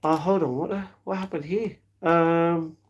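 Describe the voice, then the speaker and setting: A young man with a fairly high voice chats loosely with his live-stream audience, reading comments and answering them. He talks in a rambling, affectionate way, dropping "darling" and "mate" as he goes. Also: fairly even intonation, unhurried. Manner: chatty, calls viewers darling and mate.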